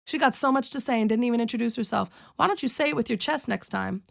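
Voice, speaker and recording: Sassy young woman with a gravelly edge. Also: fairly high pitch, quick pace. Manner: sassy, chatty and self-motivating. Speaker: singer and podcast host. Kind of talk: casual chat to camera.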